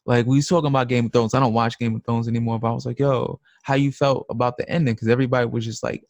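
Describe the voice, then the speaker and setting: Blunt, gravelly-voiced man ranting. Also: mid-range voice, steady tone, racing, darkish tone, dry recording. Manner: blunt, slangy and emphatic. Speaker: live trading stream host. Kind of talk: casual unscripted rant.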